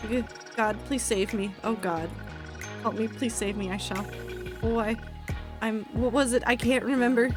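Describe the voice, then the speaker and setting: Woman streamer reads a pleading, panicky hacked man, higher-pitched and strained. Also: steady tone, normal speed, over music, natural voice. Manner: pleading, frantic. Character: panicked man being erased by mind hacking. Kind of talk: reading game dialogue aloud.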